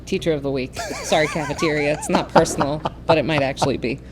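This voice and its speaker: A woman teacher chats as a podcast guest in a fairly low voice. She answers with quick, dry one-liners and jokes. A faint hiss sits under the recording. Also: wildly swooping pitch. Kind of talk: casual podcast chat.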